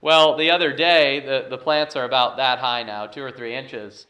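A man's voice: medium pitch, fairly even intonation, normal speed, bright, forceful tone. A man preaching a sermon as pastor, moving from a homey story into emphatic repeated scripture lines.

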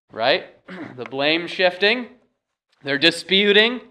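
A man's voice: a little high, pushed and bright. A man preaching a sermon as pastor, talking in a conversational way with frequent "uh" fillers.

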